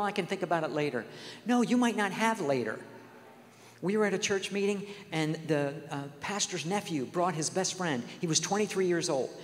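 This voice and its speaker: A man preaching a sermon, telling stories earnestly and acting out the dialogue. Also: fairly high pitch. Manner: earnest storytelling, acts out quoted dialogue. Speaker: guest speaker. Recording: long hall reverb.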